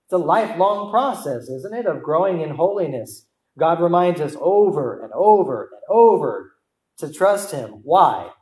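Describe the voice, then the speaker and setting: A man's voice: a little high, expressive, moderate pace, a little mellow, echoey room, low-quality recording. A young adult man preaching a sermon as a guest preacher, asking the congregation rhetorical questions and repeating key words for emphasis. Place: church.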